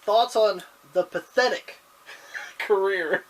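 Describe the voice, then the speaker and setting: A woman's voice: medium pitch, slow pace, rough recording. A woman co-hosting a casual wrestling chat who reads out listener questions and laughs easily. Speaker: podcast co-host.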